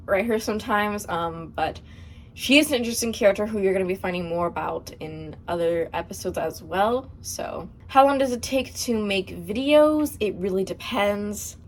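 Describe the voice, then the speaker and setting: A woman's voice: medium pitch, moderate pace, a little hiss or hum. Chatty young woman answering viewer questions. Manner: chatty, hesitant, laughs often. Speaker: channel host. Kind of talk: casual Q&A vlog.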